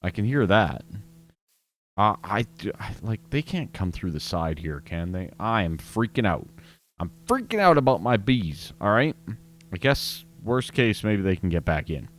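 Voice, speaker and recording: Chatty gamer guy, kinda low voice that bounces all over, faint music behind, joking at himself to viewers. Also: very animated, measured pace, a bit bright. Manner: chatty and self-mocking, talks straight to viewers. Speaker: gaming video host. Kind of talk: casual gameplay commentary.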